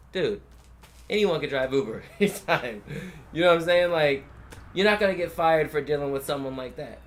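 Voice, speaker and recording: A man's voice: fairly high pitch, normal speed. A young man from California, telling stories in casual conversation, swearing freely and acting out the people he quotes. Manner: profane, animated storyteller who acts out quoted people.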